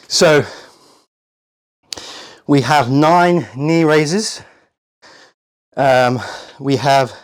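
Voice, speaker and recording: A man coaching a home workout, out of breath, counting reps aloud and encouraging. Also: mid-range voice. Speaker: fitness coach.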